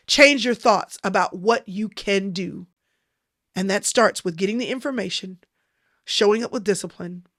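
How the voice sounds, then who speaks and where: A woman's voice: mid-range voice, dry recording, clean studio sound. A woman giving a motivational Christian sermon in an emphatic, repetitive preaching cadence. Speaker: Christian speaker.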